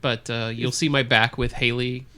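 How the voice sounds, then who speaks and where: Male podcast host, mid-pitched, dry teasing delivery. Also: little pitch movement, normal speed, sharp tone, clean tone. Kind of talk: casual chat.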